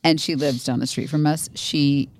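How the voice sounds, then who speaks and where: Middle-aged woman, podcast co-host, low voice, teasing and easygoing. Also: steady tone, normal speed, darkish tone. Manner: easygoing, teasing, reads listener questions aloud. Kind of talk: casual chat.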